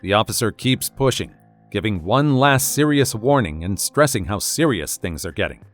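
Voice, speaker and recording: A man narrating a video in a scripted, even voice-over. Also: lowish voice, normal speed.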